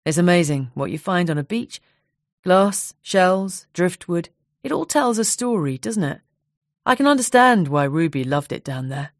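A woman voicing a numb, soft-spoken widower. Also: big pitch swings, moderate pace, no room sound, clean studio sound. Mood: subdued. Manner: soft, low, numb-sounding. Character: grieving widowed man, quiet and subdued.

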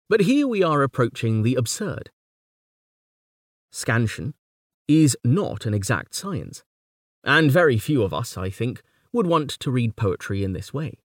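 A man narrates a scripted lesson in a measured, exact manner, and his pitch rises and falls a great deal. The sound is dry and close, with no room around it. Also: sing-song, dry recording. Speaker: lecturer on poetry.

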